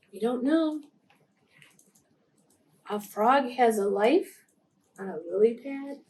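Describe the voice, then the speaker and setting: A woman reads picture books to preschoolers at a slow, unhurried pace, her voice sitting a little higher than most. She speaks gently and keeps stopping to ask the children questions. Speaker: children's story time reader.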